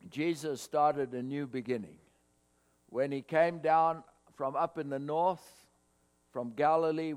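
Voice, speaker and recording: A man preaching a sermon to his congregation, swelling louder on scripture quotes. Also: mid-range voice. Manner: expressive preaching, rising loud on scripture quotes. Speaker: pastor. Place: church hall, cold morning. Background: mains hum.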